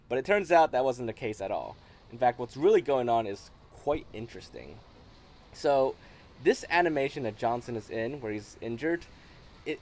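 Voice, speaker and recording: Man casually explaining a game quirk. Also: mid-range voice. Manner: relaxed and explanatory, with frequent restarts and "like". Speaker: gaming video host. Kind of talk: casual commentary.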